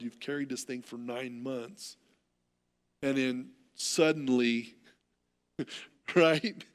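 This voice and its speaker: A middle-aged American pastor with a mid-range voice preaches a sermon full of animated storytelling, frequently repeating words as he goes.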